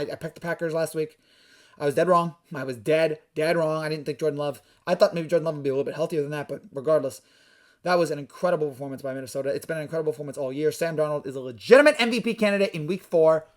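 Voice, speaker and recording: A young man giving casual, opinionated sports predictions, energetic and rambling with frequent restarts. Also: on the high side. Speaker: sports YouTuber.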